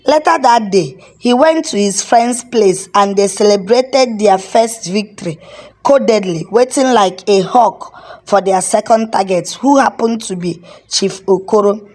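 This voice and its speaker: A woman narrating a folk tale in a measured, dramatic way. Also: medium pitch, a little mellow. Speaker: storyteller.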